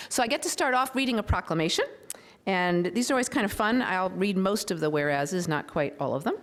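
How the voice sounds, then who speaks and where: A woman's voice: lowish voice, sing-song, fairly quick. A woman, a local official, hosts a public event as master of ceremonies, chatting informally with asides and fillers before reading a proclamation. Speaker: county board member, master of ceremonies. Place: public event room with an audience.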